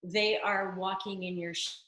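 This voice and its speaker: A woman telling an emotional story in an animated way as an interview guest, speaking over a video call. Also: on the low side, measured pace, a little hiss or hum. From United States. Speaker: interview guest, singer and actress. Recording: roomy video-call audio.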